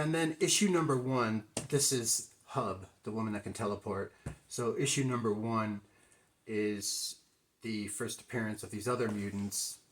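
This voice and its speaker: A slightly low-voiced Midwestern collector chats off the cuff about comics he picked up, musing aloud with plenty of filler words in casual video commentary. There's slight background noise.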